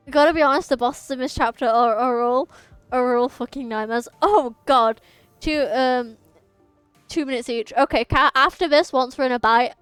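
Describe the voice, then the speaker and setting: Chatty high-voiced British woman. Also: smooth, no room sound. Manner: chatty, jokey, frequent restarts. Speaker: game streamer. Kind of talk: casual live-stream chat.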